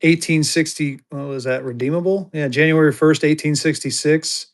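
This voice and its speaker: A man's voice: fairly high pitch, fairly even intonation, normal speed. A man hosting a live online auction, chatty and jokey, bantering with viewers as he shows items. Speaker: livestream seller and host. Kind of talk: casual live auction selling.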